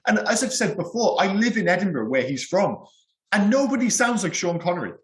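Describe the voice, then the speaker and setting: A man's voice: high voice, very animated, fairly quick. A man, co-hosting a casual film podcast, talking bluntly and at length. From Wales. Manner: candid, blunt, rambling opinions. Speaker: podcast co-host. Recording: roomy echo.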